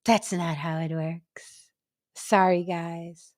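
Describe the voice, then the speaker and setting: A woman hosting a casual talk show, telling stories in an animated, profane way. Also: lowish voice, slow pace, no echo, clean studio sound. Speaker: podcast host. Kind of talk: casual chat.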